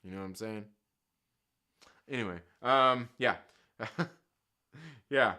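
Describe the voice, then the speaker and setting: On his live stream, a father chats casually and reads viewers' comments out loud, joking in slang and profanity and laughing often. His fairly low voice is bright and forceful, delivered at a slow pace.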